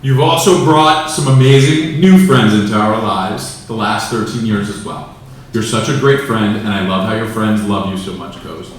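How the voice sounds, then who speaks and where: A man's voice: lowish voice, fairly even intonation, normal speed, slight background noise. A man in his forties, a father giving a playful, joking speech to his daughter in a large banquet room. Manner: joking, playful, getting emotional. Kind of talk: prepared family speech. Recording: echoey hall from far off, crowd.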